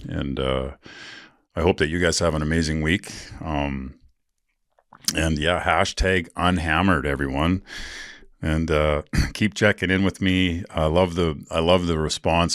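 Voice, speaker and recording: A man with a very low voice and a dry, close sound talks casually on his podcast. He rambles through a candid story, swears freely and fills pauses with ums and uhs. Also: a bit bright, dry recording. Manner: rambling, candid and profane, with many fillers. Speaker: podcast host.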